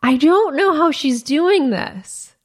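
Woman podcast host, casual storyteller, animated, drops into quoted voices, filler-heavy. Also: sits high, takes it slowly. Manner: animated retelling, acts out quoted dialogue, many "like" fillers.

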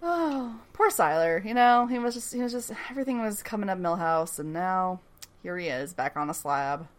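A podcast co-host with a lowish, animated voice recaps a TV episode at a normal pace in casual conversation. She swears, laughs a lot, and acts out the characters' lines.

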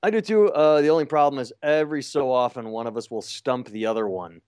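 A man who is a comedian, guesting on a podcast with deadpan, self-mocking humor. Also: mid-range voice, fairly quick, smooth, dry recording, studio quality. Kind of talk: casual podcast interview.

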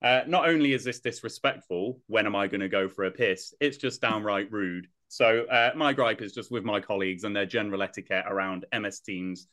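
A man's voice: lowish voice, a little fast, few pauses, a bit bright. A man on a podcast panel, airing a grievance in a sardonic, aggrieved way. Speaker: panel guest. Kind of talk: casual podcast panel chat.

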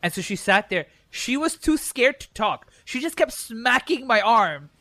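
A man co-hosting a casual wrestling chat, excitable and animated, acting out his own reactions and swearing freely. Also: very high voice, measured pace, dry recording. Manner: excitable, acts out reactions with shouted quotes. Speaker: podcast co-host.

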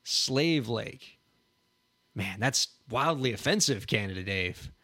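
A man's voice: medium pitch, lively intonation, slow pace, sharp tone. A man hosting a podcast, guessing aloud with amusement during a quiz game. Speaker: podcast host. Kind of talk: casual chat, quiz game.

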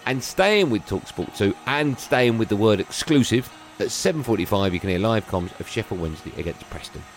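Joking sports radio host. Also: male voice, lowish voice, expressive, fairly quick. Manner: jokey, teasing, self-mocking. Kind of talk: lively sports radio banter.

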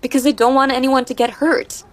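A woman voicing a frightened teenage girlfriend on the run who speaks in a shaky, nervous way, with soft music behind. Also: high voice, steady tone, a little fast, background noise, close to an everyday voice.

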